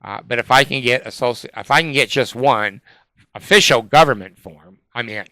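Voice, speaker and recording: An older man telling a rambling, profane personal story with many fillers, and he jumps up in pitch when he quotes other people. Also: normal speed, bright, forceful tone, dry recording. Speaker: vlogger telling of his legal dispute.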